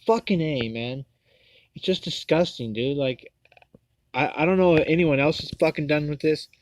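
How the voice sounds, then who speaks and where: A man's voice: fairly high pitch, normal speed, a little hiss or hum. A man hosting his own livestream, ranting angrily, swearing often and stumbling over repeated words. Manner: profane, heated, repetitive stammering restarts. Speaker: livestream host. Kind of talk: angry livestream rant.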